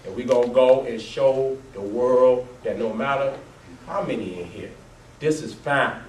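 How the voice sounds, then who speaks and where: Male storyteller, profane and animated, loud then hushed; distant mic, roomy sound with faint noise behind. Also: normal speed. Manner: laughs often, swears heavily, swings from loud to low and quiet. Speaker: speaker presenting his life story with photos. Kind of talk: profane, animated storytelling talk to a live audience.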